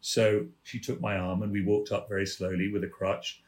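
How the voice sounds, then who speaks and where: A man's voice: fairly low pitch, flat delivery, normal speed. An older man, a theatre producer and guest, telling stories in a leisurely, amused way and acting out the people in them. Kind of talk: anecdotal storytelling.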